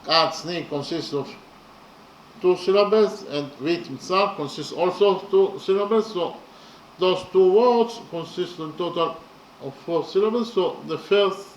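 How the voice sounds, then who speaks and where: A man giving a slow, methodical lecture on poetry, pausing often with fillers as he counts through each line. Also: high voice, lo-fi sound. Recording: echoey room with faint ambient noise.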